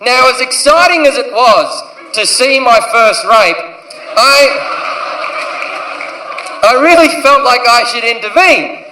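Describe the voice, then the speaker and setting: Australian male stand-up, high bright voice, crude storyteller, echoey theater with faint crowd hum. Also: expressive, takes it slowly, long pauses. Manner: crude storytelling, acts out characters in shifting voices. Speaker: stand-up comedian. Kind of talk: stand-up comedy set. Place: large theater stage. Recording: echoey venue recorded from a distance.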